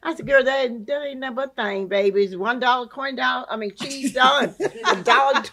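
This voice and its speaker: A woman's voice: sits high, a little fast, sharp tone. A woman on a talk show panel, telling a story in a casual way and acting out what people said. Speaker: panel guest.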